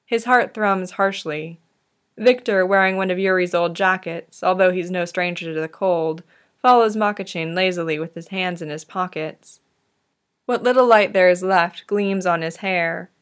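A woman narrating a fan-fiction story in a gentle, tender manner. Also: on the low side, moderate pace.

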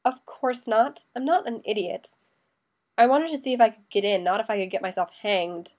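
A woman voicing a sharp-tongued, fiercely loyal young man who talks quick and defensive. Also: a little high, natural voice. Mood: dismissive.

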